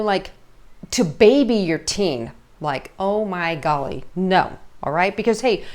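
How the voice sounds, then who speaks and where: Middle-aged woman, parenting coach, chatty, keeps checking in with listeners. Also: mid-range voice. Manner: conversational, checks in constantly with "okay?" and "all right?". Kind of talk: casual coaching talk.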